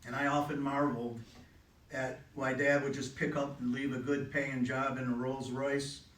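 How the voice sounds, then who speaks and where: A man's voice: mid-range voice, level tone, normal speed. Man giving a eulogy in an echoey chapel. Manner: heartfelt, gently humorous storytelling. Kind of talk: memorial eulogy. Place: funeral home chapel. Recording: echoey room, distant mic, faint ambience.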